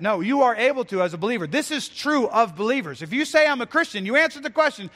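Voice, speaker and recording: A man's voice: very high-pitched, sing-song, quick pace, pushed and bright, long reverb tail. A male pastor preaching an earnest, emphatic sermon with repeated phrases.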